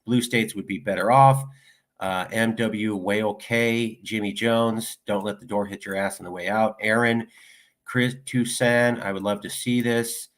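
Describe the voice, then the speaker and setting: Male political commentator, lowish voice, casually reading viewer comments aloud in quick succession. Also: fairly even intonation, a bit bright.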